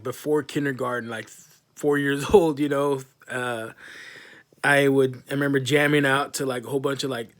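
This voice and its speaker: A man's voice: medium pitch, fairly bright tone. A man in his thirties telling rambling, profane stories in a casual monologue, full of fillers. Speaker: vlogger.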